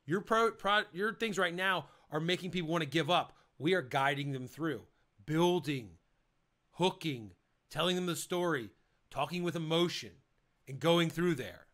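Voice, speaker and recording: A man's voice: high voice, pushed and bright. A man coaching on presentations, talking in a punchy, emphatic way and hammering key points with repetition. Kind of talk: energetic instructional talk.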